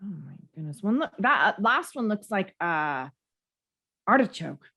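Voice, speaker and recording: A woman's voice: mid-range voice, very animated, unhurried, creaky, bright, forceful tone, husky. A woman co-hosting a podcast in casual chat, reacting with enthusiasm and expression. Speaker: podcast co-host.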